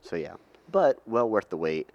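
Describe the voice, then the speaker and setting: A man co-hosting a podcast, laying out topics in a relaxed, methodical way. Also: lowish voice, moderate pace, dull audio. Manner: relaxed, methodical, lays out segments. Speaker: podcast co-host. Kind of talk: casual chat.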